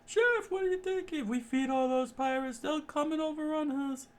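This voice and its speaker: A man doing a shrill panicky young cook. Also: normal speed.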